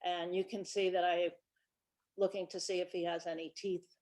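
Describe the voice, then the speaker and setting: A woman in her sixties, a children's book author, chatting through stories from her life in a relaxed presentation. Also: lowish voice, moderate pace. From Brooklyn, New York. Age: 60s. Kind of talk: casual storytelling presentation.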